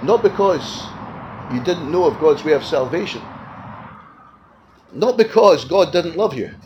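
A man preaching an evangelistic sermon at a tent meeting, swinging between loud appeals and hushed, quiet lines. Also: fairly high pitch, animated, measured pace, pauses often, lo-fi sound, slight background noise.

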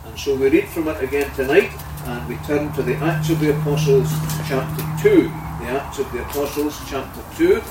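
A man's voice: mid-range voice, normal speed, hardly any pauses, background noise. Male preacher, earnest sermon, distant roomy sound. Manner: earnest, swells loudly on key words. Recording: echoey room heard from a distance.

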